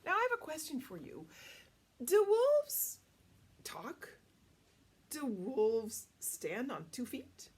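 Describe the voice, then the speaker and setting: A woman storyteller reading a picture book aloud to children, animated and asking them questions. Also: high-pitched, takes it slowly, pauses often, slight background noise.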